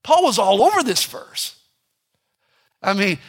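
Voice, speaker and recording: A man's voice: sits high, big pitch swings, measured pace, husky. A man preaching a sermon, emphatic and repeating scripture lines with building force.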